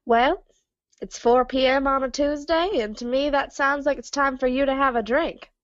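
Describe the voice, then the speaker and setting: A woman takes her turn in a tabletop game in short, matter-of-fact lines. Her voice sits a little high and comes through dull, dry audio. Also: steady tone, normal speed, no room sound. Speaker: player. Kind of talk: casual tabletop role-play.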